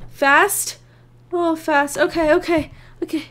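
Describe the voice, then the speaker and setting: A young woman hosting a gaming channel, giving excitable let's-play commentary, groaning and shrieking as her rider crashes. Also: extremely high pitch, moderate pace.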